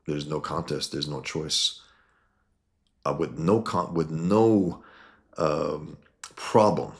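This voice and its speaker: A man's voice: extremely low pitch, steady tone, slow, gravelly, long pauses. A man reviewing a comic book in casual video chat, blunt and opinionated, with lots of ums.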